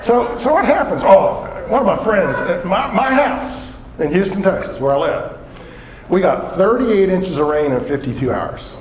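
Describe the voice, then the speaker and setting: Energetic joking man in an echoey hall. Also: high voice, moderate pace, crowd noise. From southwestern Colorado. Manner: energetic joking storyteller, quizzes the audience. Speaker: keynote economic speaker. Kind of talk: humorous conference keynote. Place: large conference hall.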